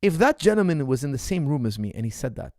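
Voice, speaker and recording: A man's voice: mid-range voice, very animated, fast, darkish tone, dry recording, studio quality. A man, a martial arts coach, answering viewer questions in an impassioned, indignant monologue, repeating phrases for emphasis.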